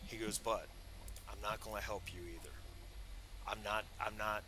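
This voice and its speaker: A man voicing a weary, calm male community leader who speaks slowly and firmly. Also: on the low side, noisy background, natural voice. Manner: slow measured speech.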